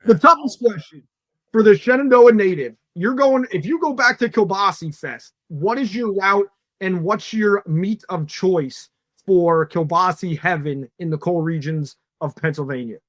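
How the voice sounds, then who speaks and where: A man's voice: high voice, moderate pace, a bit bright, no room sound. A man hosting a sports podcast, talking casually with jokey asides. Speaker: podcast host.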